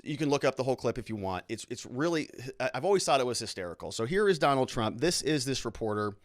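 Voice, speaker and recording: A man hosting a legal commentary show, chatty and amused, talking straight to his viewers. His pitch sits in the middle, and the recording is close and dry, with no room sound at all. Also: expressive, fast, no room sound. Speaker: lawyer and show host.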